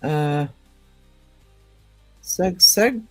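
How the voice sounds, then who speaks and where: A man's voice: sits high, lively intonation, extremely slow, darkish tone, faint music behind. A man streaming live, chatting casually in a rambling way full of ums and restarts.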